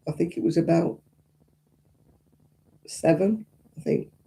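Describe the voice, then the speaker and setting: A woman's voice: fairly low pitch, steady tone, takes it slowly, warm tone. A woman chatting casually and homely to her live-stream viewers as she crochets, rambling and yawning often. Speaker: craft live-stream host.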